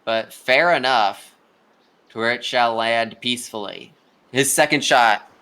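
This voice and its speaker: Bright-voiced casual game commentator. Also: male voice, mid-range voice, unhurried, smooth. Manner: casual, chatty, talks to players directly. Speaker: tournament commentator. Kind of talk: live play-by-play commentary.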